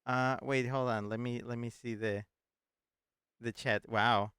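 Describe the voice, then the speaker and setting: A man streaming a video game, chatting excitedly, repeating words and reading the chat aloud. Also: medium pitch, measured pace, clean tone, no room sound. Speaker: gaming streamer. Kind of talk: excitable live gameplay chat.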